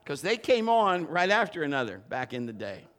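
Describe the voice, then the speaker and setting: A middle-aged man preaching a sermon in a church, telling stories and acting out the quotes in lively voices. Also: fairly high pitch, normal speed. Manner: animated storytelling with acted-out quotes. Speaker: pastor.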